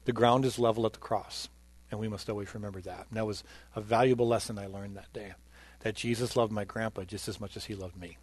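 Earnest lower-voiced male pastor. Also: fairly even intonation, fast. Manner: earnest, swings between loud emphasis and quiet. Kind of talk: sermon with personal testimony.

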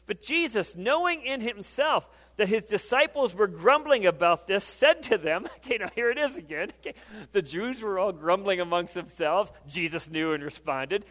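A man with a high-pitched voice preaches a sermon in a conversational way, checking in with his listeners with frequent questions. His voice carries a long reverb, as if he is in a church sanctuary. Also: fairly bright tone. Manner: conversational, asks the congregation questions. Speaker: pastor.

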